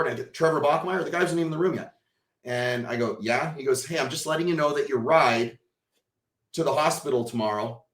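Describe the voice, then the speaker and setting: A man, a podcast guest, telling a personal story with emotion and acting out the dialogue, swinging from hushed to loud. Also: mid-range voice, reverberant. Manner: vivid storyteller who acts out quoted dialogue.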